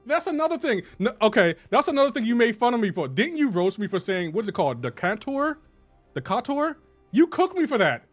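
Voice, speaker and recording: Lively, playful man bantering on stream. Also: extremely high pitch, fast, hardly any pauses, faint music behind. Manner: playful teasing banter, laughs often, slangy. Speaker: live game streamer. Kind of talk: casual stream chat with viewers.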